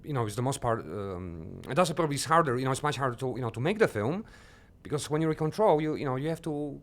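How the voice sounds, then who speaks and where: Fast, halting man from Bulgaria. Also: medium pitch, animated. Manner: hesitant, many restarts and fillers. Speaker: guest, filmmaker. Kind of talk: radio interview. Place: radio studio.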